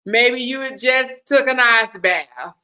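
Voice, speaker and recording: High-voiced woman laughing till she cries. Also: takes it slowly, sharp tone. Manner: laughing through tears, dramatic, addresses audience as y'all. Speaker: host. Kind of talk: casual commentary to viewers.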